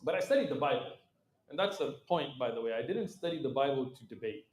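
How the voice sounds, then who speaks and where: Animated man telling stories in an echoey room. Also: medium pitch, quick pace. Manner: animated storyteller, acts out quoted voices, laughs often. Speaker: interview guest. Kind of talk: casual storytelling interview.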